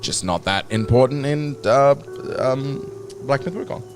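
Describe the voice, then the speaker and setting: A man's voice: mid-range voice, expressive, a little slow. A British man streaming a game, chatting casually, swearing and joking as he reads chat aloud. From Britain. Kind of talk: casual gaming commentary. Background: background music.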